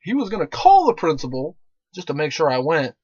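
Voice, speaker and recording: A man's voice: on the high side, wildly swooping pitch, brisk, darkish tone, slightly rough, dry recording. A young man casually telling a profane story, laughing and swearing often, with rambling restarts. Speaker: vlogger telling stories. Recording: dull lo-fi dry recording.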